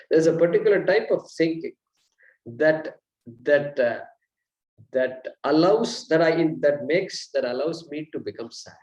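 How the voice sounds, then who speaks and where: A man's voice: medium pitch, rough recording. A man teaching a Vedanta class in a conversational lecture style, often repeating himself and asking rhetorical questions.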